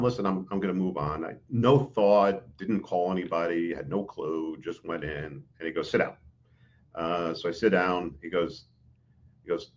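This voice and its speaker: Middle-aged male podcast guest, deep register, animated anecdotal delivery with fillers, slightly muffled recording. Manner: animated storyteller, acts out quoted dialogue, frequent fillers. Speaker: interview guest, executive recruiter. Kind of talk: casual storytelling in a podcast interview. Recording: dull, lo-fi audio.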